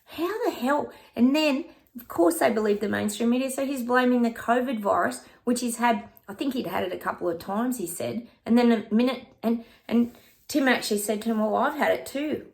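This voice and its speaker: A woman's voice: a little high, fairly quick, gravelly. A middle-aged woman, a psychic, chatting casually and at rambling length with her viewers. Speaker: psychic reader. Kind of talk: casual livestream chat with tarot readings.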